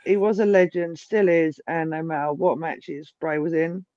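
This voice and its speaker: A woman's voice: sits low, normal speed, warm tone, dull audio, a little hiss or hum. A woman co-hosting a casual podcast, blunt and emphatic, swearing often. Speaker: podcast co-host. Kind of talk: casual chat.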